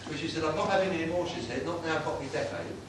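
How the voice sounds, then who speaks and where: A man's voice: fairly high pitch, lightly acted. A man doing a cheeky old-time music-hall comic. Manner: brisk patter, lots of "I said, he said". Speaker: tribute act comedian. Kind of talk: live stand-up with saucy gags. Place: live venue with an audience. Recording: roomy and distant with loud noise.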